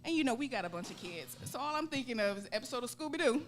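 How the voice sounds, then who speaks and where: A woman in her forties with a Southern US accent, a guest on a talk show, telling a lively story and acting out voices. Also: on the high side, very fast, faint music behind. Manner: laughing, acts out voices in quotes. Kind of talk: animated storytelling. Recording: steady background hum.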